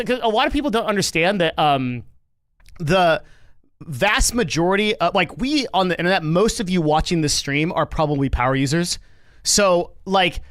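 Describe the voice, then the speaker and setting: A man talks through his livestream in a loose, rambling manner, swearing along the way. His voice sits a little high for a man. The sound is dry and close to the mic. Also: a bit bright, clear, resonant tone, no echo. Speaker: livestream host. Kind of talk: casual livestream commentary.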